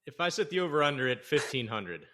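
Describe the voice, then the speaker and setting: A man's voice: fairly high pitch, sing-song, fast talker, pushed and bright. A man hosting a casual interview, asking easygoing questions and giving short affirmations. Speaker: podcast host.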